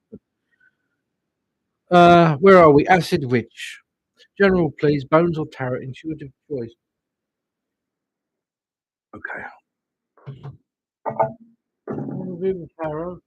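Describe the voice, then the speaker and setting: A man's voice: on the high side, slightly rough, no echo, highs cut off. An English man giving tarot readings on a livestream, musing and rambling with chatty asides. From England. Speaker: tarot reader.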